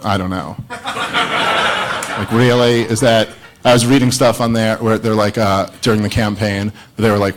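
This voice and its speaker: A man with a lowish, somewhat bright voice and lively intonation performs stand-up at an unhurried pace to open a debate. His story is rambling and self-mocking, and the live venue echoes with laughter. The audio is poor, with a little hiss or hum.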